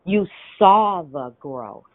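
Woman, low voice, spiritual teaching, rhetorical questions, dry tinny phone sound. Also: animated, extremely slow, dry recording. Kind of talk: spiritual teaching on a group call.

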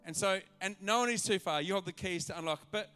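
A male pastor preaching a sermon to a church congregation, animated and acting out the voices in his stories. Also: sits high, fast talker, faint music behind. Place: church auditorium.

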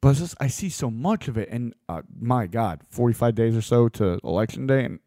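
A man delivering a blunt, opinionated monologue as a host, swearing freely and getting animated. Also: mid-range voice, a little fast, no echo, clean studio sound.

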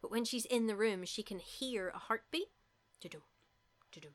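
A woman, casually retelling a film as a giggly, animated storyteller. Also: fairly high pitch, normal speed. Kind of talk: casual chat recapping a film.

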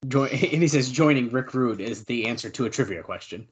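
A male podcast co-host in casual chat, reading out old news notes and adding quick asides. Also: mid-range voice, highs cut off.

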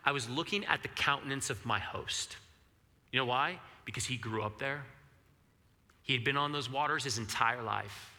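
Animated male preacher in a reverberant hall. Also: mid-range voice, moderate pace. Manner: animated, conversational, acts out quoted questions. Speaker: pastor. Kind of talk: sermon.

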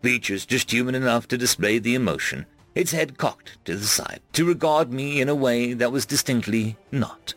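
A man narrating a web serial chapter aloud in first person, reading expressively with big dramatic swings and shouting out the dialogue. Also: mid-range voice, normal speed, few pauses, faint music behind. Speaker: audiobook narrator.

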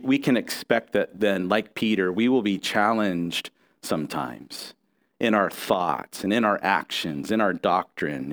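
A middle-aged man preaching a sermon as pastor, earnest and conversational, with restarts and asides to the congregation. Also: sits low.

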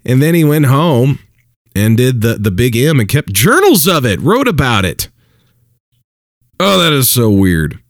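A man's voice: medium pitch, very animated, measured pace, long pauses, no room sound, clean studio sound. A man preaching dating advice in a casual talk, emphatic and repetitive, chuckling between points.

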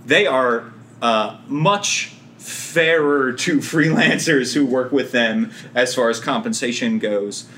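A man with a New Jersey accent hosting a casual podcast discussion, relaxed and chuckling, with plenty of fillers. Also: mid-range voice, slow pace, a little hiss or hum. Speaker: podcast host.

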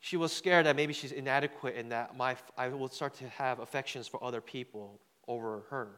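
Guy preaching in a big church hall, long echo, mid pitch, chatty and stumbling, keeps saying right?. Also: fairly quick, fairly bright tone. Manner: loose, conversational, repeats words, asks the crowd "right?". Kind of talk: sermon with a personal story.

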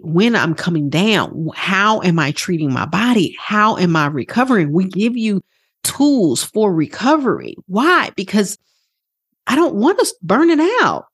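A woman with a husky, slightly breathy voice speaks as a wellness coach on her podcast. Her pitch swings widely as she presses her points with earnest, casual energy. She swears freely and acts out little quoted voices. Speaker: wellness coach and program host. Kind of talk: motivational podcast talk.

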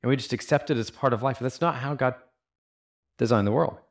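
A man's voice: mid-range voice, a little fast. A man pastor giving a sermon in an earnest, conversational way, asking his listeners many rhetorical questions and using casual fillers.

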